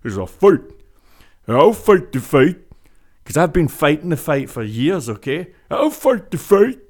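A man putting on a tough-guy action hero voice as an impression, loud and gruff. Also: fairly high pitch, sing-song, measured pace, pitched above the performer's own voice. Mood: defiant.

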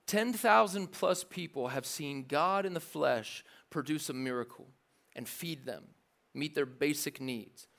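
Man, pastor, animated sermon, jokey, acts out crowd voices, fairly high voice. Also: unhurried, vocal fry.

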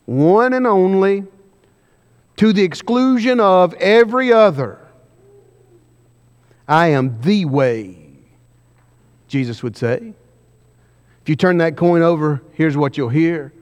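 Man, preacher, high-pitched voice, emphatic questioning, sermon, long hall reverb. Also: lively intonation, unhurried, smooth. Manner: emphatic, questioning the congregation, varying pace widely.

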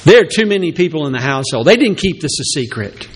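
A man's voice: quick pace, few pauses, slightly rough. A man preaching a sermon as pastor, who acts out voices of the people in his story. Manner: animated preaching, acts out Peter's reluctant excuses in a high voice.

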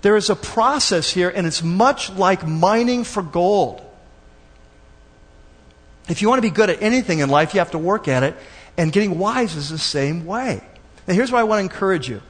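High-voiced animated male preacher. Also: normal speed, breathy edge, long reverb tail. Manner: animated, conversational preaching with acted asides. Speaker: pastor. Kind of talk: sermon.

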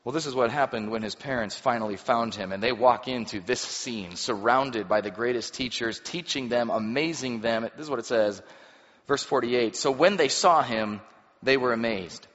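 A man preaching a sermon as a pastor, animated and musing aloud about the scenes he describes. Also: mid-range voice, moderate pace. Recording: muffled reverberant hall recording.

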